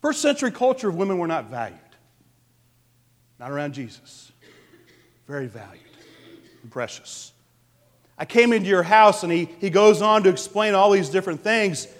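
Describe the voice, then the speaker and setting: A man pastor delivering an animated sermon, asking the congregation questions. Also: high-pitched, normal speed, pauses often. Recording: long reverb of a large hall.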